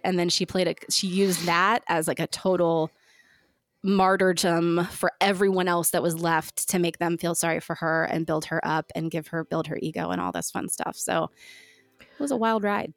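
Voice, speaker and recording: A woman telling her own story in casual conversation, candid and animated, now and then slipping into the voices of the people she quotes. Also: lowish voice, normal speed, creaky, no echo. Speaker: guest sharing her story.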